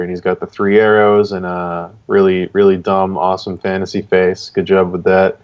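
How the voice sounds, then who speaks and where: A man's voice: low voice, little pitch movement, normal speed, few pauses, muffled recording. A man as a guest judge giving casual art critiques on a live stream, piling on emphatic praise with repeated "really, really.".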